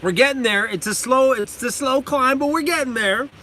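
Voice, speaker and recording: A man's voice: very high voice, normal speed, sharp tone, slight background noise. A man hosting a casual livestream from inside his van, reading out viewer comments, laughing often and talking to his dog. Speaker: van-life channel host.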